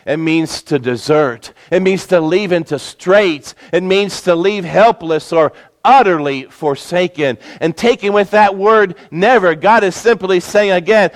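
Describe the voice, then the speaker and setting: A pastor preaching a sermon in a notably high voice for a man. He slows down and presses on key words for emphasis, speaking as though to his congregation. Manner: preaching with emphatic, slowed-down stresses.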